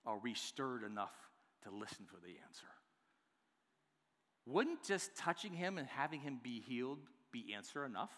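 A man preaching a sermon to his church, swinging between hushed, drawn-out lines and loud, emphatic ones. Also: mid-range voice, sing-song. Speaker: pastor. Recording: long hall reverb.

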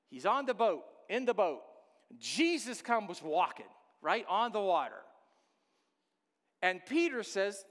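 A man preaching a sermon as pastor, repeating key phrases with animated delivery. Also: high voice, unhurried, in a large hall.

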